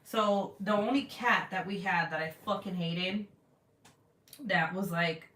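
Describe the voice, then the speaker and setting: A woman's voice: on the low side, a little slow, a bit bright. A woman vlogger in her thirties chatting casually and bluntly, swearing freely as she tells a story. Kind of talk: casual chat to camera. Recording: roomy, from a distance.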